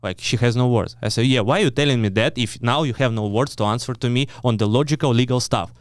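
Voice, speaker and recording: A man in his thirties with a Ukrainian accent and broken English tells a story as an interview guest, speaking fast at medium pitch with no echo. He's blunt, swears often, restarts frequently, and acts out the people he quotes.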